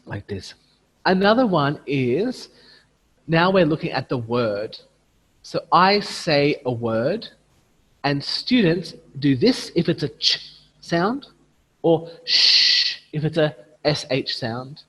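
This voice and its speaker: A man leads a phonics training, speaking slowly and carefully in a slightly raised voice, modeling sounds and chanted questions for young learners. A long reverb hangs on his voice, as if he is recording in a hall. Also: a little high, lively intonation, a bit bright, slightly rough. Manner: slow, deliberate teacher voice, exaggerated phonics sounds and chanting prompts. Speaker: teacher trainer. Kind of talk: online teacher training with classroom demonstrations.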